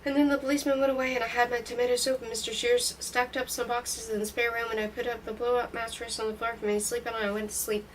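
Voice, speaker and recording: Woman reading a novel out loud, quick and plain, mic kinda far, faint hiss. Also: fairly high pitch, little pitch movement. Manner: plain first-person narration. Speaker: reader.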